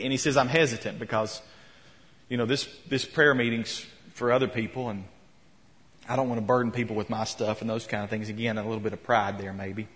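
A man with a medium-pitched, fairly bright voice preaches in a church sanctuary as a pastor. He tells a story and retells quotes, his emphasis rising as he goes, and the recording carries a long hall reverb.

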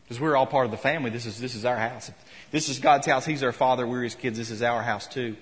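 Man, pastor, sermon, mid pitch, echoing sanctuary. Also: steady tone, fast talker. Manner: storytelling, retelling quotes with rising emphasis. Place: church sanctuary. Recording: long hall reverb.

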